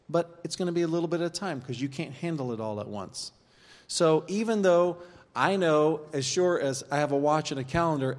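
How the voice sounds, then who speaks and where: A man teaching an informal church course, talking conversationally with pauses and reading scripture aloud. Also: fairly high pitch. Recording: long hall reverb.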